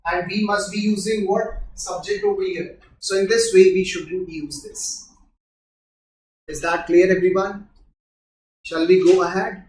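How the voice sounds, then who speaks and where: There's slight background noise as a man whose voice sits high, speaking with an Indian English accent, leads a live grammar class. He patiently walks through explanations and keeps quizzing the students, captured distantly in a room full of echo.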